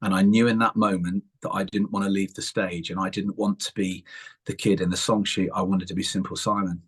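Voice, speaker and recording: A husky, fairly low-pitched English man in middle age talks about his life in pantomime. He tells his memories as animated anecdotes and slips into other people's voices to act them out. The tone stays casual and conversational throughout. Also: brisk. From England. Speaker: puppeteer and panto performer. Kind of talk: casual interview storytelling.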